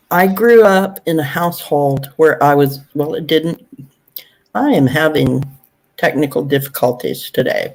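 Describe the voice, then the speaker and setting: A woman's voice: sits low, low-quality recording. A woman hosting a chat show who reads viewer comments aloud. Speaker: host. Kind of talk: casual chat, reading out comments.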